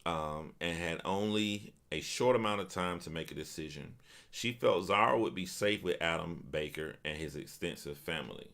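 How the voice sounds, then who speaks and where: A man's voice: sits low, normal speed, vocal fry, a bit bright. A man streaming casual commentary, reading a news article aloud and stopping to react with stunned remarks and repeated phrases. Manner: repeats himself and restarts phrases.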